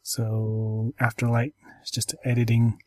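A man hosting a casual chat, talking haltingly with many ums and restarts while telling stories and going through apps. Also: medium pitch, completely flat delivery, darkish tone, no room sound.

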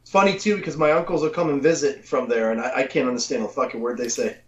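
A man's voice: mid-range voice, steady tone, fast talker. A man from the Boston area co-hosting a podcast, joking around, swearing freely and laughing easily in casual banter. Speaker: podcast co-host. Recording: dull lo-fi sound.

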